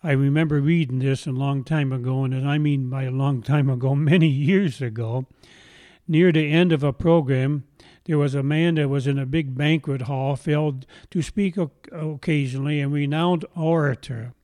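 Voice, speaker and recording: A man preaching a sermon, telling a story gently and slowing down to stress lines of scripture. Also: mid-range voice, steady tone, dry recording, studio quality. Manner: slow deliberate emphasis on scripture, gentle storytelling. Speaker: pastor.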